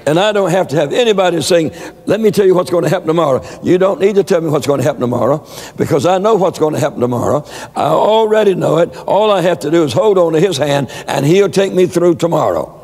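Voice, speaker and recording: A man's voice: a little high, expressive, fast, a little mellow, husky, long reverb tail. A man preaching a sermon, telling stories with many stammered repeats. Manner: storytelling with frequent stammered repeats.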